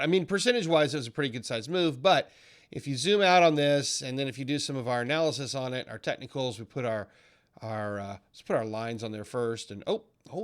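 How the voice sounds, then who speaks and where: A middle-aged man explaining market charts in a casual screen-share lesson, animated and quick to mimic panicky traders in quoted asides. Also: mid-range voice. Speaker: trading educator.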